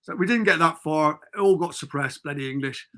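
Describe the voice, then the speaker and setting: A Cornish man tells a long, rambling story on a podcast, slipping in little acted-out quotes. His voice sits a bit high and comes across bright and forceful. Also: a little fast. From Cornwall. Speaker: podcast guest. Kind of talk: casual storytelling.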